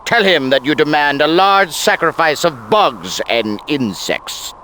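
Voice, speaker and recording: A man's voice: fairly high pitch, expressive, measured pace, bright, forceful tone, slight background noise. A man voicing a jokey, irreverent male AI companion in a video game, cracking sarcastic asides. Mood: teasing. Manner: sarcastic, playful, chants and sings. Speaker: wisecracking sidekick in a video game. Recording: game audio with music behind. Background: game music.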